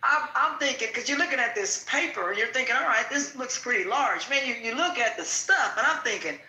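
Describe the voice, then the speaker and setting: A man hosting a casual show, telling a story in an animated, laughing, colloquial way. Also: extremely high pitch, fairly quick. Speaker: host. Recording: echoey room.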